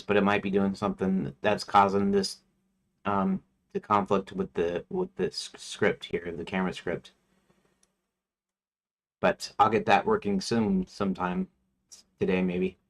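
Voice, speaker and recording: A man's voice: low-pitched, expressive, a little slow, long pauses. Rambling man thinking aloud on stream. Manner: rambling, talks to himself as he works. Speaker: indie game developer livestreaming.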